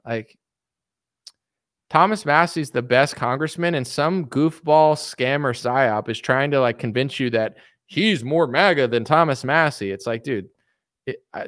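A man's voice: medium pitch, a bit bright, no echo, clean studio sound. A man hosting a livestream, ranting casually about politics in a boastful, combative, sarcastic way. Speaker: livestream host.

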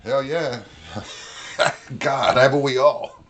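A man's voice: medium pitch, fairly even intonation, extremely slow, crowd noise. Man hosting a loose, profane podcast chat. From North Carolina, USA. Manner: loose, profane, laughing banter. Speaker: podcast host.

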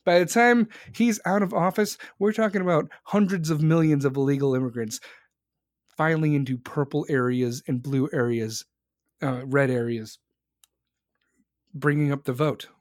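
A man's voice: fairly high pitch, moderate pace, no echo, studio quality. A young man hosting a show, ranting angrily and profanely about politics, heated and emphatic. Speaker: podcast host. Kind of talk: angry political rant.

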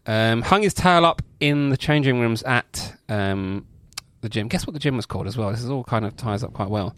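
A man's voice: mid-range voice, expressive, fairly quick, a bit bright, no echo. A man co-hosting a podcast, chatting casually and reading out odd news stories. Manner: reads a news story, putting on a rural voice for a quote. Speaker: podcast co-host.

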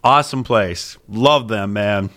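A man with a Pittsburgh accent chats casually as a podcast co-host. His voice is bright and forward. He rambles, restarts his sentences and tells stories with plenty of animation. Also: lowish voice, slow. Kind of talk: casual chat.

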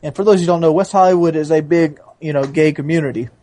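A man with a somewhat high voice who is a guest on a podcast. He chats casually, stumbling over his words now and then. He laughs through his own stories. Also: fast talker, dark tone. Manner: stammering, amused, laughs while telling stories. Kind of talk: casual chat.

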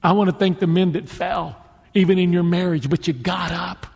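Male pastor, high voice, dramatic sermon delivery, long hall reverb with music behind. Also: darkish tone, husky. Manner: dramatic, slowing for emphasis.

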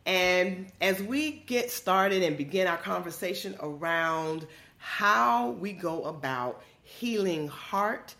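A woman's voice: lowish voice, lively intonation, pushed and bright. A woman from Georgia hosting a podcast, talking to listeners in an emphatic, casual way and calling them "y'all". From Georgia, USA. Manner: calls listeners "y'all", drawn-out emphatic delivery. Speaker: podcast host.

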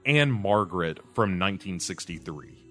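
Podcast co-host, low voice, rambling recap, faint music under it. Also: male voice, animated, normal speed, pushed and bright. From United States. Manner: rambling, many fillers and restarts. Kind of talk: casual chat recapping a TV episode.

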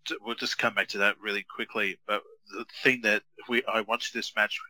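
A man in his thirties rambles easily through a podcast chat, full of ums and uhs. His voice is low-set but strikingly bright and sharp. The recording is dry and close. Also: flat delivery, moderate pace, no room sound, rough recording. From Australia. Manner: easygoing, rambling, with many fillers. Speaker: podcast co-host. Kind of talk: casual chat.

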